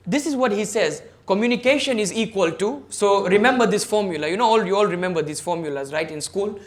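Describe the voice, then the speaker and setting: A man's voice: sits high, a bit bright. Man giving an emphatic online speaking lecture. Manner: emphatic, enumerates points, questions the audience directly. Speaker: guest speaker at a service club forum. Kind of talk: motivational public speaking lecture. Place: online meeting.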